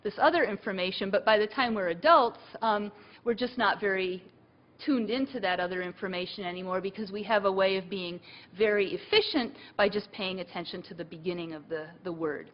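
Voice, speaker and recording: A woman's voice: mid-range voice, a little fast. Woman lecturing, muffled recording. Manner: thinking aloud with many fillers and restarts. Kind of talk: university lecture.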